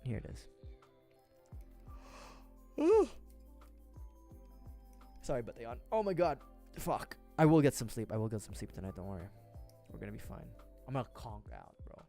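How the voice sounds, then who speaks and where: A young man streams while putting together a model kit, rambling on to his viewers in a loose, self-mocking way. He swears offhandedly and laughs a lot, with a middling voice. Soft music plays underneath. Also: medium pitch, big pitch swings, moderate pace, creaky, long pauses. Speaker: livestreamer building model kits. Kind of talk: casual rambling chat to viewers.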